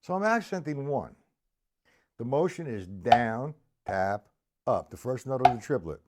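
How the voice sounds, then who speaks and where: Heavy background noise and a loud drum kit surround a man's mid-range voice as he teaches drums live from a room with a drum set. His pitch swings widely and he talks a little slowly, explaining exercises in a patient, conversational manner and counting beats out loud.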